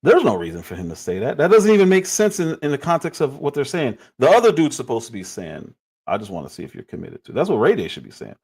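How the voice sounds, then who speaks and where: A man's voice: fairly high pitch, wildly swooping pitch, quick pace, few pauses, a little mellow, slightly rough. A man in his forties giving critical, exasperated commentary on clips during a livestream.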